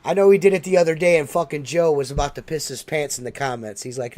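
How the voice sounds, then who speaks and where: A man's voice: on the high side, expressive, quick pace, hardly any pauses, darkish tone, a little hiss or hum. A man hosting a podcast in casual chat, talking loosely and emphatically with plenty of swearing. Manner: profane, emphatic, loose talker. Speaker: podcast host.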